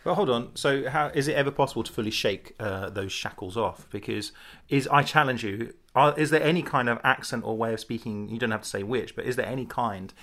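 A man's voice: medium pitch, a little fast, fairly bright tone. A British man hosting a discussion, probing and challenging his guests. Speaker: host. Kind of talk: moderating a discussion.

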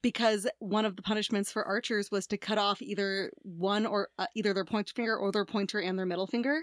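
Quick, joking young female co-host, dry sound. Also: mid-range voice, fairly even intonation, no echo. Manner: quick, joking interjections and questions. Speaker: podcast co-host. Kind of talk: casual chat.

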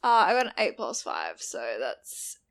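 A woman's voice: deep voice, huge pitch swings, normal speed, fairly bright tone. A woman chatting casually as a player in a tabletop game, giggling and swearing freely.

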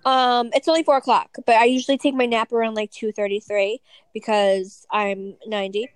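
A woman in her thirties co-hosting a casual podcast chat from bed, blunt and teasing with quick laughs. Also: on the high side, little pitch movement, smooth, no room sound, poor audio. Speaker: podcast co-host. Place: lying in bed at home.

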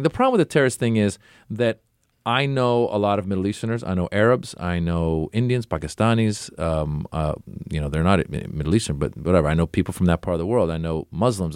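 A man's voice: on the low side, darkish tone, smooth, no echo, studio quality. A middle-aged man, a comedian and actor, telling casual anecdotes as an interview guest and acting out other people's lines. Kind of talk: casual conversational storytelling.

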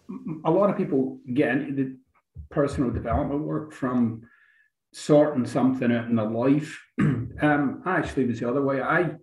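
A man's voice: mid-range voice, fairly bright tone, reverberant, low-quality recording. Scottish man with a Glasgow accent. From Scotland. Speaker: guest author. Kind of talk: casual interview chat.

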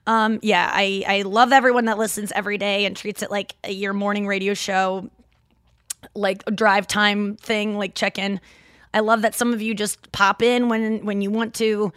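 A woman's voice: mid-range voice, normal speed, no echo, studio quality. Chatty Midwestern woman podcast host. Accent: Midwestern American. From St. Louis, Midwest US. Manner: rambling, animated, lots of fillers and self-interruptions. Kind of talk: casual solo podcast chat. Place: home, seated in a chair.

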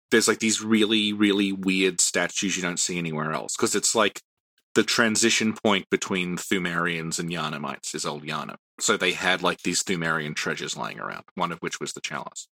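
A man's voice: low voice, bright, forceful tone, dry recording. A man hosting a casual podcast, explaining game lore at length with lots of fillers and restarts.

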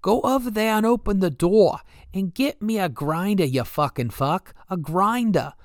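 A man's voice: high-pitched, animated, moderate pace, no room sound, studio quality, pitched above the performer's own voice. A man voicing a foul-mouthed, whiny male wrestling promoter with a thick Boston accent. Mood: yelling. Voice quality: whiny, yelling.

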